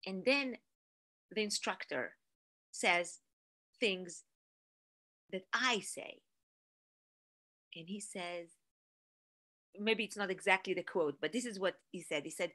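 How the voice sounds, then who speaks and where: A woman giving an energetic, animated motivational talk to an online audience, telling a story with rising emphasis. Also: medium pitch, slow pace, pauses often. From Israel. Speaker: motivational speaker.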